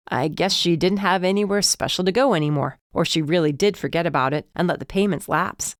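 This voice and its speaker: A woman narrating a mystery audiobook in the first person, in a tense, measured storytelling manner. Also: lowish voice, no echo, clean studio sound.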